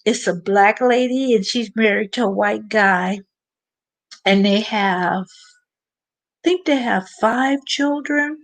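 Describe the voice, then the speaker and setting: A middle-aged woman hosting her own channel, chatting casually and rambling with many restarts. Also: medium pitch. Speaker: channel host. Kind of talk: casual livestream chat.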